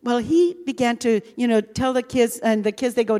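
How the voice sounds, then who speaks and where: A woman's voice: a little high, normal speed, dark tone. Earnest woman preaching in a reverberant hall. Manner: earnest storytelling with many "you know" fillers. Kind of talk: testimony sermon.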